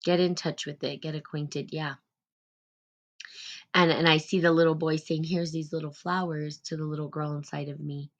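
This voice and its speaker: A woman with a low, deep-set voice hosts a relaxed spiritual live stream. She muses gently and rambles, with plenty of fillers and restarts as she thinks aloud. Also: moderate pace, pauses often, muffled recording.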